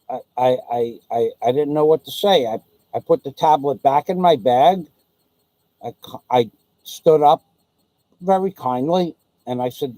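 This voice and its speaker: A man's voice: medium pitch, measured pace, mellow, no echo, low-quality recording. A man vlogging in an indignant, profane storytelling rant. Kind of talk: ranting monologue.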